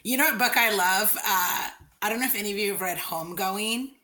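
A woman's voice: medium pitch, brisk, bright, forceful tone. A woman in casual chat, earnestly recommending a book she loves.

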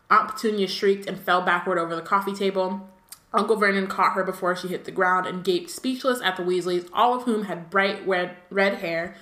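A woman's voice: on the low side, bright, forceful tone. Woman co-host reading a book aloud, chatty asides, um-heavy, echoey room. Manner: reads a novel aloud with asides, laughs often, says um. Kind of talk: casual read-aloud and chat.

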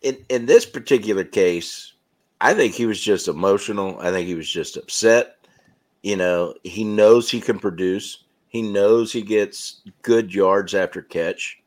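A man's voice: fairly low pitch, unhurried. A man co-hosting a casual sports podcast, laughing often and trading competitive banter. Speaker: podcast co-host.

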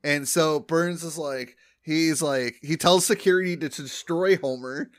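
A man's voice: a little high, unhurried. A man co-hosting a podcast, recapping an episode in casual chat, rambling with lots of fillers. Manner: rambling, many fillers, acts out quotes. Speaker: podcast co-host.

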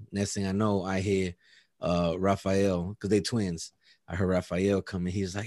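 Animated man telling a story, dry close mic. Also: deep voice, brisk, dry recording. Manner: animated, acts out dialogue, laughs often, heavy profanity. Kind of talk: casual chat.

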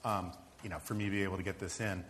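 A man's voice: low voice, steady tone, very fast, a bit bright. A man telling rambling, self-amused anecdotes on a live podcast panel. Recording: live room with long reverb, faint noise.

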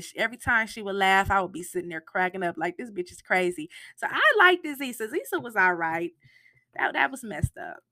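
Animated woman recapping a TV episode. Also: mid-range voice, dry recording, clean studio sound. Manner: animated and emotional, with slangy asides and cursing; acts out quotes from the show, sometimes in a hushed voice. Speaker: TV recap podcaster. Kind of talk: casual recap monologue.

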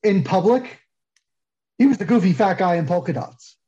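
A man's voice: high-pitched, normal speed. Opinionated man on a muffled line. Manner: self-deprecating, opinionated, lively when arguing. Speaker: guest soap maker. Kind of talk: casual podcast interview.

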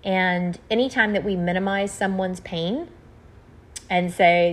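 A woman leading a group, reading through graphics and explaining them in a gentle, earnest way. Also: fairly low pitch, fairly even intonation, moderate pace.

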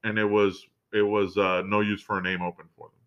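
A man's voice: fairly low pitch, a little fast. Laid-back man reminiscing on a podcast. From Miami. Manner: relaxed, swears freely, reminiscing. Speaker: podcast co-host. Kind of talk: casual chat. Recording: dull lo-fi recording.

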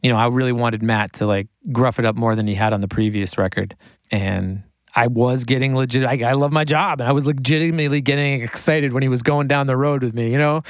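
A record producer and engineer with a medium-pitched voice, recorded with no room sound, chats casually in an interview. He's excitable and quick, laughs a lot, and says "like" frequently.

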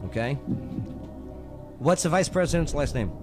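A man hosting a talk show, running a trivia quiz with jokey, lively banter and frequent laughs. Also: a little high, normal speed, over music. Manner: jokey, animated, laughs often.

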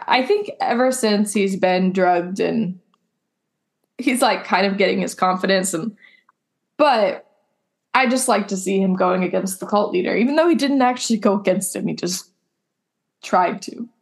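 A woman's voice: mid-range voice, expressive, measured pace. Young woman, podcast co-host, loose rambling chat full of fillers. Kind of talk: casual chat.

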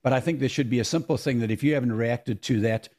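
A man's voice: medium pitch, fast talker, darkish tone. Firm, emphatic male interview guest. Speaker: guest, race car driver. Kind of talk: casual interview chat. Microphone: video call.

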